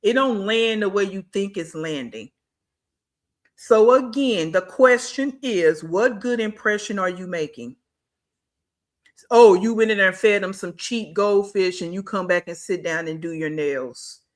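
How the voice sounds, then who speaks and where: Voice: medium pitch, measured pace. A reaction channel host giving casual commentary in slang, scolding with one rhetorical question after another. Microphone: streaming setup mic.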